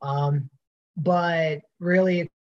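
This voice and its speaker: A man's voice: on the high side, fairly even intonation, drawn-out words, highs cut off, slight background noise. A man with a Brooklyn accent, a pro wrestler answering interview questions in a rambling way with many fillers and restarts.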